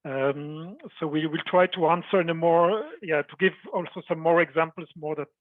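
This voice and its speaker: A man moderating a webinar on a video call, losing his voice, hesitant and repeating words as he trails off softly. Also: a little high, fairly even intonation, normal speed, no room sound. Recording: phone-like thin audio.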